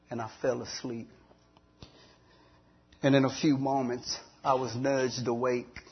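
Husky man giving earnest testimony. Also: mid-range voice, muffled recording. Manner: earnest storytelling with long pauses and repeated words. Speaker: testimony speaker. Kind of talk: dramatic personal testimony.

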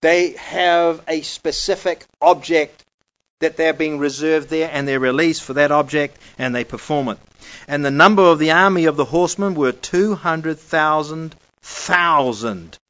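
A man preaches in a slow, deliberate way, his voice sitting a little high for a man. He leans hard on key words and then drops almost to a murmur. The recording is dull and lo-fi. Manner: emphatic, swings between loud and hushed. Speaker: Bible teacher. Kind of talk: conversational sermon teaching.

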